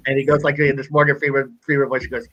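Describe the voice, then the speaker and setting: A man co-hosting a sports radio show, telling stories in a relaxed way with many fillers. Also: mid-range voice, racing, dull audio, slight background noise. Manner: relaxed storyteller, hesitant fillers. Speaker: co-host. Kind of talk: casual sports radio talk.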